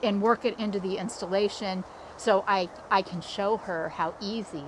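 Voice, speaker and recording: A woman's voice: mid-range voice, fairly even intonation, normal speed, slight background noise. A middle-aged woman hosting a casual backyard walkthrough, chatty and upbeat, recorded outdoors. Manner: chatty and upbeat, with small restarts. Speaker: landscape designer and channel host.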